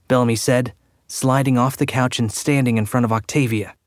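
A man giving a steady, even scripted narration of a story, like an audiobook reader. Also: medium pitch, fairly quick, no room sound, studio quality.

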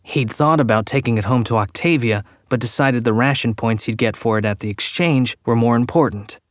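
A man giving a steady, even scripted narration of a story, like an audiobook reader. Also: medium pitch, fairly quick, no room sound, clean studio sound.

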